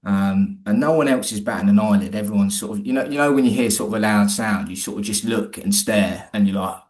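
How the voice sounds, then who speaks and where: A man, his voice sitting on the low side, talks as an interview guest. He tells a personal story loosely and colloquially, often stopping and starting again mid-sentence. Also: fairly quick, a little mellow. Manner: rambling, restarts often, colloquial.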